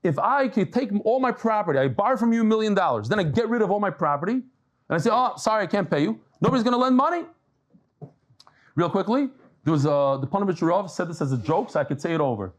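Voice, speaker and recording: Man with a slightly high voice teaching Talmud. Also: fast talker. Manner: lively, conversational teaching with jokes and stories; mixes in Hebrew and Aramaic terms. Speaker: Talmud lecturer. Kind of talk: daily Talmud lesson.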